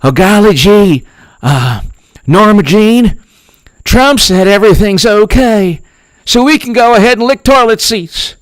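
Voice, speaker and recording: Man putting on a gullible Southern yokel, high loud hick drawl, folksy, dry close sound. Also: animated, measured pace, dry recording. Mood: mocking. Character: folksy Southern Trump supporter caricature, gullible.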